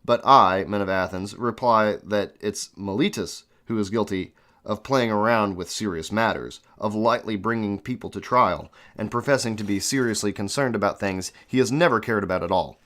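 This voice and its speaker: A man's voice: fairly low pitch, moderate pace, a bit bright. A man reading a classic philosophical dialogue aloud, with an earnest, questioning delivery and the odd restart. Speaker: reader of classic texts.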